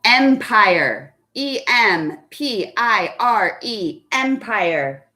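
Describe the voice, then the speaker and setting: A young adult woman teacher leading a live online phonics lesson, patiently praising children by name and spelling out words deliberately. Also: mid-range voice, big pitch swings, bright, forceful tone.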